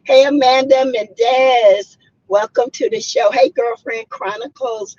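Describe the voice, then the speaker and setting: A middle-aged woman from South Carolina hosts a casual reality-TV review livestream, greeting viewers by name and offering frank opinions. Her high voice is sing-song and a little mellow, with a measured pace, and the audio has its highs cut off.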